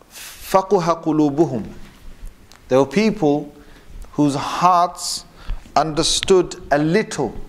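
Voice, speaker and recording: A man gives a religious lesson in a slightly high voice. He reads short Arabic passages and then explains them in English. He speaks at a measured pace, with frequent pauses and self-corrections. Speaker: Islamic teacher. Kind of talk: lecture on religious texts.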